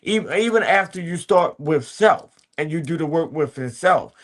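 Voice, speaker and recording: A man's voice: fairly high pitch, lively intonation, moderate pace. Blunt, profane male podcast host. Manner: blunt and profane, preachy street talk with many "you hear me". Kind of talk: casual motivational monologue.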